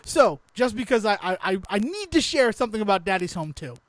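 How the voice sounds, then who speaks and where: A man co-hosting a casual podcast, his voice sitting high for a man. He tells his story loosely, laughing through it and swearing freely. The sound is dry and close, with no room around it. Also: very animated, brisk, no room sound. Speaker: podcast co-host.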